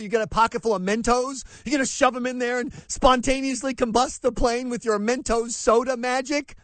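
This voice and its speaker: A man's voice: high-pitched, dry recording. A man hosting a talk radio show, ranting in a sarcastic, exasperated monologue into a studio microphone.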